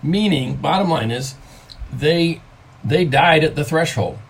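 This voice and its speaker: An older man, a grandfather, giving a conversational devotional talk from home, stressing key words by slowing down on them. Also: fairly high pitch, animated, slightly rough. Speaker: pastor.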